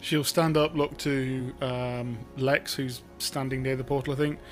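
A man playing a tabletop game, describing his character's actions in a quiet, measured way. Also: medium pitch, level tone, faint music behind. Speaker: player.

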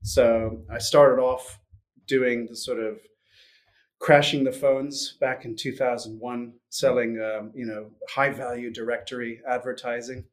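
A man in his forties chats as a guest on a business podcast, relaxed and a little hesitant. He keeps restarting his sentences and leans on fillers. His voice sits at an ordinary middle pitch. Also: measured pace. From Switzerland and US upbringing. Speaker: guest, sales executive. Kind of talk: casual interview chat.

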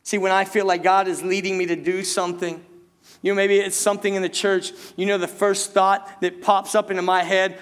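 A male pastor delivers a sermon in a church, his voice sitting high for a man. He keeps turning to the congregation with rhetorical questions and restarts his phrases as he goes. A long hall reverb trails every line. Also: steady tone, a little fast. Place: church sanctuary.

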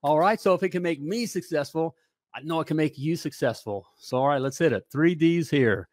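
A man in his fifties hosts a live talk show with a fairly high voice and a punchy, hyped-up delivery. He keeps tossing in "hey" and "all right" as he rallies his viewers. The sound is close and dry. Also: fairly quick, dry recording. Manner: energetic hype, peppered with "hey" and "all right".

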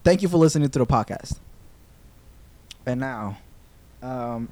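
A young man hosting a podcast, telling a story in casual chat, animated, with swearing and laughter. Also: mid-range voice, a little slow, no room sound. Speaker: podcast host. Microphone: podcast microphone.

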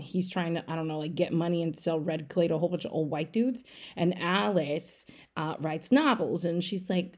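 A woman's voice: fairly low pitch, expressive, moderate pace, a little mellow. Woman, casual podcast recapper, irreverent and chatty, salty language. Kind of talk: casual comedic movie recap.

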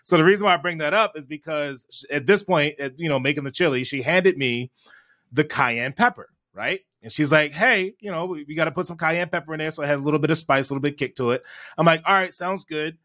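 Man, bright voice on the high side, animated storyteller who keeps checking in with "right?". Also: quick pace. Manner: animated storyteller, frequent "right?" tag questions. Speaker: guest. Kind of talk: storytelling in a podcast chat.

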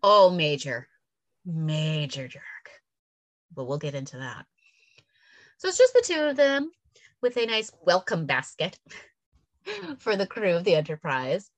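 A woman co-hosting a casual chat show, retelling an episode and jumping into quick impressions of the characters. Her pitch swings widely and she sounds lively, and her voice sits a little low for a woman. The recording is dry and close, with no room sound. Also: no room sound. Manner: animated storyteller, acts out characters' lines with big pitch jumps; casual, filler-heavy, swears. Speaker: podcast co-host recapping an episode.

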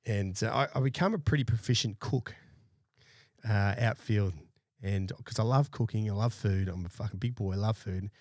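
Australian male guest, thirties, lower voice, blunt, swears a lot, dry close studio sound. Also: moderate pace, a little mellow, no room sound. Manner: blunt and heavily profane, laid-back anecdotes. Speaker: podcast guest, army veteran. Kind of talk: casual storytelling interview. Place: small studio.

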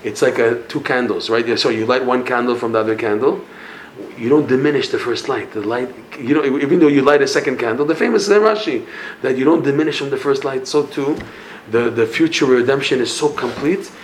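A man giving a Breslov Torah class, telling stories in an animated way and dropping in Hebrew and Yiddish terms. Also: mid-range voice, fairly quick, slight background noise. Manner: animated storytelling, mixing Hebrew and Yiddish terms, laughs at punchlines. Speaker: Breslov teacher. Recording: echoey room with faint ambience.

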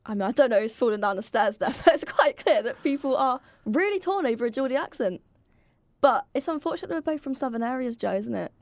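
A woman hosts a radio show in a quick, chatty way and laughs easily. Her voice sits fairly high. The sound is close and dry. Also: animated, a little mellow, no echo. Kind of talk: casual radio chat.

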